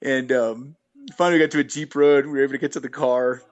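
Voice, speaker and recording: An easygoing man recounts trail stories at a relaxed, unhurried clip, his voice sitting at an ordinary middle pitch. He rambles, restarts and fills gaps with "um" and "uh". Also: lo-fi sound. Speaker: guest, long-distance hiker. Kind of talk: casual interview storytelling.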